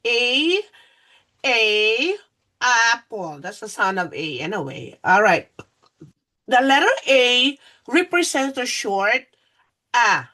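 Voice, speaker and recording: Slow, bright-voiced woman teaching phonics. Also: on the high side. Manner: slow, patient, repeats "all right" often. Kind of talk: phonics lesson for young children.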